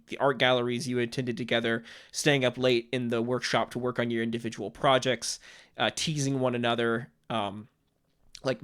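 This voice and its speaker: A man narrating as game master of a tabletop game, relaxed and full of fillers as he sets the scene. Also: medium pitch.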